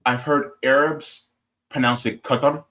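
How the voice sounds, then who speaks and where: A man's voice: medium pitch, lively intonation, normal speed, fairly bright tone. An American man, a guest on a casual political chat, explaining his points with hesitant restarts and little stories. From United States.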